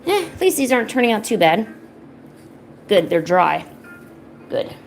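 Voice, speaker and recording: A woman's voice: medium pitch, very animated, measured pace, vocal fry, faint music behind. A woman chatting casually at home while painting, slipping into playful baby talk with her cats and teasing them. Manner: teasing, chatty, laid-back. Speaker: art streamer.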